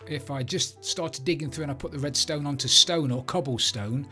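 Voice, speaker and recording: A man's voice: a little high, normal speed, pushed and bright, soft background music. A man giving casual gameplay commentary, chatting and thinking aloud as he builds. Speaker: Minecraft let's play creator.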